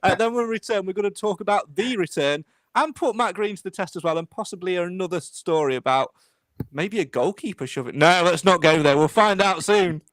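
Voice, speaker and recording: A man's voice: high-pitched, fairly quick, fairly bright tone, no room sound. A man hosting a live podcast, talking in a chatty, rambling way with many restarts. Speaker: podcast host.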